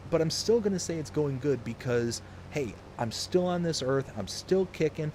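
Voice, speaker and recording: A man's voice: on the high side, lively intonation, moderate pace, a little mellow. Upbeat young male streamer from the US South, casual and rambling, faint background noise. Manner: upbeat, rambling, reads chat aloud. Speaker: livestream host. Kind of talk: casual live-stream chat.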